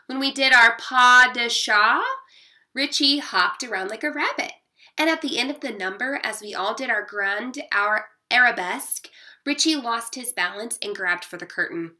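A woman's voice: fairly high pitch, moderate pace, sharp tone. A woman teacher reading a children's story aloud expressively, with short asides to her listeners.

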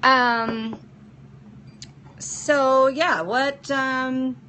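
A woman's voice: high voice, fairly even intonation, extremely slow, pushed and bright, a little hiss or hum. A woman hosting a casual live-stream chat as a nail technician, practical and chatty, answering viewers by name. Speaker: nail technician and show host.

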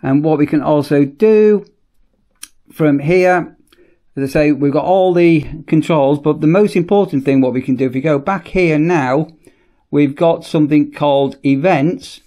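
A man giving a casual, chatty product demonstration in a workshop, often repeating "as I say" and pausing on ums. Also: on the high side, warm tone. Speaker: product reviewer.

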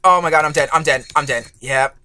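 A man doing let's play commentary as a gaming YouTuber, excitable and swearing, yelling at the game and groaning when he fails. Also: fairly high pitch, fairly quick, dry recording. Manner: groaning frustration at failures.

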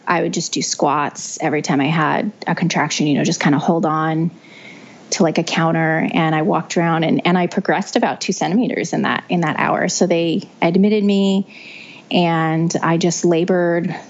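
A woman's voice: low voice, fairly even intonation, moderate pace. A young woman telling her birth story as a podcast guest, in a chatty way with frequent restarts. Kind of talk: casual storytelling. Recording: dull lo-fi audio.

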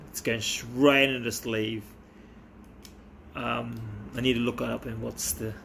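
A man talking casually as a vlogger while opening trading cards, excitable and chatty with quick bursts of delight. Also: medium pitch, creaky, slight background noise. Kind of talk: casual chat.

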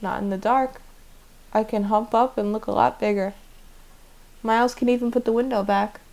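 Figure: eager young girl , read by a woman. Texture: gravelly. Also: a little high, steady tone, moderate pace, darkish tone. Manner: breathless and eager.

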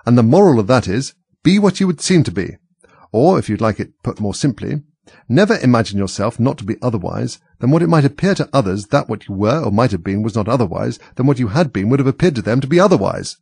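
Guy doing a fussy old duchess, sing-songy, always preaching, a bit raspy. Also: mid-range voice, big pitch swings, fast, darkish tone, no room sound, full character voice. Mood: preachy.

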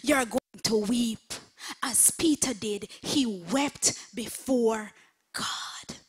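A woman minister preaching an online sermon, swinging from hushed whispers to shouts. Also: a little high, takes it slowly, slightly rough. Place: home setup, streaming online.

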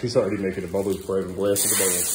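A man's voice: low voice, level tone, racing, very noisy. A middle-aged man, a father filming a home vlog, exasperated and scolding as he keeps repeating commands to his kids. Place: family home, indoors and yard.

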